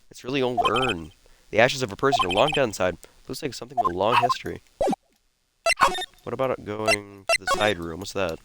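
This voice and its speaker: A man's voice: on the low side, fairly quick, heavy background noise. A man streaming himself, reading game dialogue aloud with casual, swearing asides. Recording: loud game music behind.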